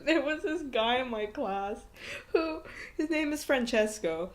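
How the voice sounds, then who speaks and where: A woman's voice: high voice, animated, measured pace, very noisy. A young woman co-hosting a podcast, in casual chat full of "like" fillers, giggles and swearing. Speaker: podcast co-host.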